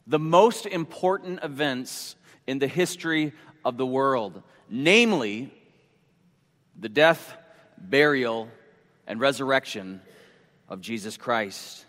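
A male pastor preaching a sermon slowly and deliberately, repeating his headings for emphasis. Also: mid-range voice, a bit bright. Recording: long hall reverb.

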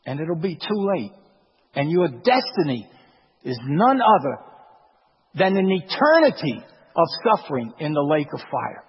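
A man preaching a sermon with emphasis, dropping to a hush and then rising to forceful lines, repeating phrases for effect. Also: on the high side, very animated, normal speed, slightly rough. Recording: dull, long-reverb hall sound.

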